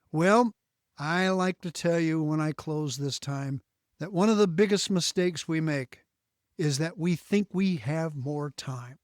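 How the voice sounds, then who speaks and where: Man, bishop podcast host, fairly high voice, very slow preacherly delivery. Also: dry recording, studio quality. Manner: slow, emphatic, preacherly cadence. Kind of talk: inspirational solo podcast talk.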